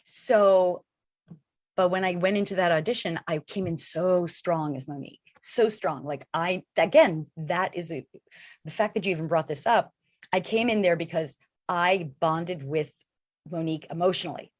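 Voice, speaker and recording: Chatty middle-aged actress, low voice. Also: female voice, moderate pace, no echo, clean studio sound. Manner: chatty, rambling with many fillers. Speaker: actress guest. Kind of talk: casual interview chat.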